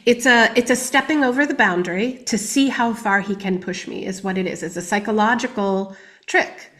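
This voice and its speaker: A woman guest on a podcast speaks in candid personal testimony. Her voice sits at a middling pitch. She talks reflectively and often drops to a soft, hushed level. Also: moderate pace.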